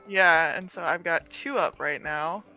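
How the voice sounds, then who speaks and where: Woman player at a game table, kinda low voice but bright, loads of "um" and "like". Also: measured pace, soft background music. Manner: chatty, filler-heavy. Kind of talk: casual tabletop play.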